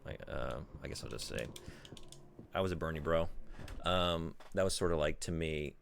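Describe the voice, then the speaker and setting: A man's voice: rumbling low, normal speed, gravelly, fairly bright tone, a little hiss or hum. A male streamer chatting casually while playing a game, rambling and swearing as he thinks aloud.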